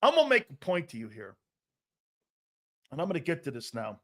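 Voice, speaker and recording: A man's voice: mid-range voice, animated, normal speed. A man ranting in a heated, profane sports commentary, emphatic and fired up.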